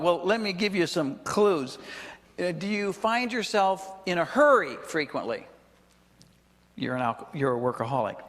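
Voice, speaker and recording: A man's voice: on the high side, in a large hall. A male pastor preaching a sermon, talking conversationally with chuckling asides and questions to the congregation. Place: church sanctuary.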